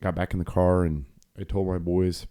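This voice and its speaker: A man's voice: low-pitched, flat delivery, normal speed, dark tone, smooth. A middle-aged man co-hosting a podcast, telling a rambling faith story with many fillers and restarts. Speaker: podcast co-host. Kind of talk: casual faith talk.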